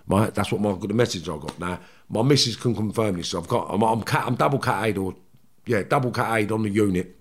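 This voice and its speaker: A low-voiced middle-aged man tells his story in a blunt, slangy way. He swears freely and acts out the back-and-forth as he goes. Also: fast, husky. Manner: blunt, heavy swearing, slangy, animated retelling. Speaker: guest telling his life story. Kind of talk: casual storytelling.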